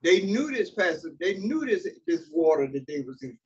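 Higher-pitched preacher reading and explaining scripture. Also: male voice, sing-song, normal speed. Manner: reads scripture aloud and stops to comment, with fillers and restarts. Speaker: pastor. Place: church sanctuary. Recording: distant mic, dull sound, faint hiss.

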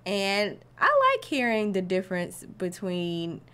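Woman, reaction co-host, slow easygoing chat. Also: medium pitch, clean tone. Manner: relaxed, easygoing, with fillers. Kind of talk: casual chat.

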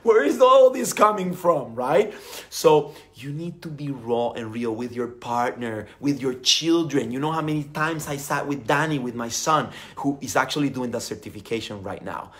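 A middle-aged man giving a motivational talk as a spiritual coach, animated and earnest, full of fillers. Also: medium pitch, moderate pace. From Costa Rica.

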